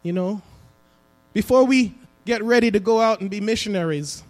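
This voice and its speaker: A man preaching a sermon as pastor in a church, dropping to a hush and then rising to emphatic cries. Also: high voice, normal speed. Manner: preaching with swings between hushed and emphatic delivery. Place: church sanctuary.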